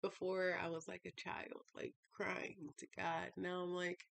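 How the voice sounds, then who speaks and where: Slow, gravelly-voiced woman vlogger. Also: fairly low pitch, little pitch movement, fairly bright tone. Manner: emotional, sighing, rambling with many fillers. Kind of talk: casual confessional talk.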